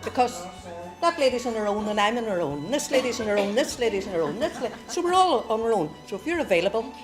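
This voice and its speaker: A woman chatting in a jokey, lively way. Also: on the high side, quick pace, music in the background.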